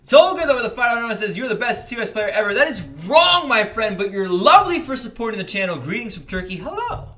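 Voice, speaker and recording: Brief: young American man hosting a gaming livestream, bright voice, lively pitch that jumps when greeting chat. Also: fast talker, few pauses. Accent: General American. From United States. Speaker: livestream host. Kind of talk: casual livestream chat reading donations.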